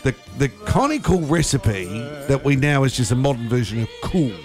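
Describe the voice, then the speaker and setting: A man's voice: medium pitch, animated, moderate pace, over music. A man with an Australian accent co-hosting a radio show, chatting and joking in a rambling way. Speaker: radio co-host. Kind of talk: casual banter on air.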